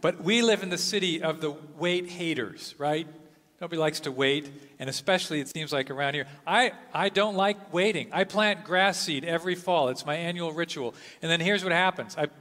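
A man in his sixties preaching a sermon as pastor, dramatic, dropping to a hush and then rising to exclaim. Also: a little high, moderate pace. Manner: dramatic, swings from hushed to exclaiming. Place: church sanctuary. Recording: long reverb of a church sanctuary.

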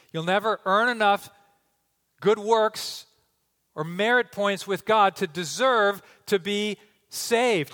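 Guy preaching a teaching sermon, high-ish voice, long echo like a big sanctuary. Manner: teaching, rhetorical questions, drops to a hushed slow close. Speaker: pastor.

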